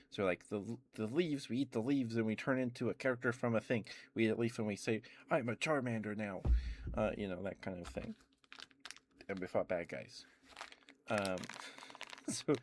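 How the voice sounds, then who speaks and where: Deep-voiced man rambling ASMR chat. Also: slight background noise. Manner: rambling, meandering, full of "like" and "um" fillers. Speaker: ASMR streamer. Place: home streaming setup.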